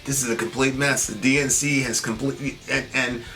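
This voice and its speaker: A man's voice: mid-range voice, steady tone, a little fast. A man co-hosting a political talk show, venting in indignant, sarcastic bursts. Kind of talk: heated political commentary.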